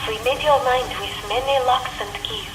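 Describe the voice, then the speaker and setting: An actress voicing a measured woman scientist in a video game, speaking slowly and deliberately. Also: sits high, background noise, natural voice. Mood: grave. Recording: roomy game audio with loud music.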